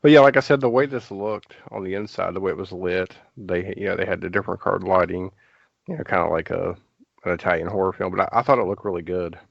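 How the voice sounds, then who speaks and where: A man with a very low voice talks loosely as a guest on a podcast. He piles up fillers and starts his sentences over. The sound is close and dry, but dull and lo-fi. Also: fairly even intonation, fast, gravelly, no echo. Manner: rambling, many fillers and restarts. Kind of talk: casual podcast chat.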